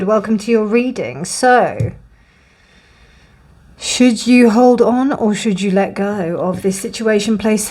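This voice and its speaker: A woman giving a pick-a-card tarot reading, chatty and rambling, calling her viewers "my darlings". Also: a little high.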